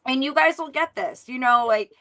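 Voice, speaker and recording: A woman's voice: sits high, moderate pace. Chatty rambling woman hosting a live stream. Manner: chatty and rambling, with fillers and self-interruptions. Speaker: host of a live sales call stream. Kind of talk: casual live-stream chat. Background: faint music.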